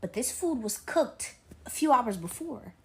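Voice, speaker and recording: A woman's voice: a little high, sing-song, measured pace, a little mellow. A woman narrating a creepy folklore story in a chatty, dramatic storytime style.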